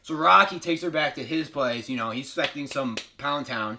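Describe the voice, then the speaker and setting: A man's voice: medium pitch, moderate pace, noisy background. A young man recapping a movie comedically, rambling and swearing with lots of filler words.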